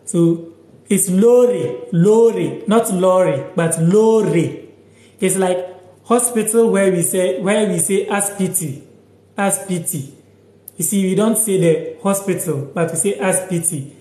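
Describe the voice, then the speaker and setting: A man with a Ghanaian accent teaches a language on a live stream, in a high voice and at an unhurried pace. He repeats each word slowly and answers viewers' comments as they come in. The sound is echoey, as if the room is bare. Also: warm tone.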